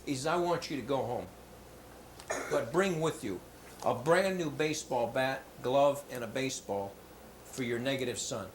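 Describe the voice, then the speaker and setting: A man voicing a calm middle-aged male doctor who gives advice in a low, matter-of-fact way, within a joke told in a school hall. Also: normal speed, lightly acted. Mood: advising. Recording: roomy hall with faint background noise.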